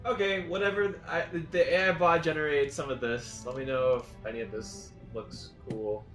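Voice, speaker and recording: A man running a tabletop game on stream, excitable, swinging between high exclamations and low mutters. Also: moderate pace, faint music behind. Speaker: game master.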